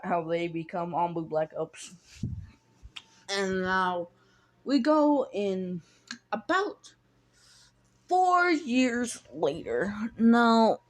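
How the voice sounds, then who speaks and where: Slow, rambling woman telling a story. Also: on the low side. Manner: rambling, stumbling, lots of fillers and restarts; offhand swearing. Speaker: fan storyteller. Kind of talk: casual story retelling.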